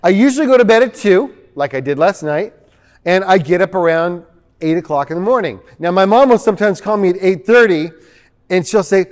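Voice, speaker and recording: A man's voice: high-pitched, brisk. A man preaching a sermon as pastor, chatty and joking, reading passages aloud. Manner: conversational and joking, reads quotes aloud. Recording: long hall reverb.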